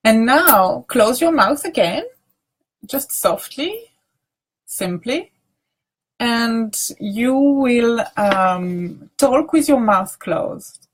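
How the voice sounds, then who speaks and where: A woman teacher leading a guided grounding practice, speaking softly with many pauses and restarts. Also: on the high side, animated, husky. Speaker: meditation teacher.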